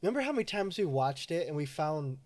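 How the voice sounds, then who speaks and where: Man, 30s, relaxed podcast co-host, easy laughs. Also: on the high side, fast talker. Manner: laid-back, laughs often, swears casually. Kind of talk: casual chat.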